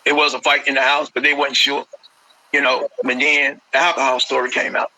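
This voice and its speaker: A man's voice: mid-range voice, little pitch movement, a little fast, sharp tone, poor audio. A man, a grieving father, speaking with passion and repeating his words in an interview. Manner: impassioned, repeats phrases. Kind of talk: emotional phone interview.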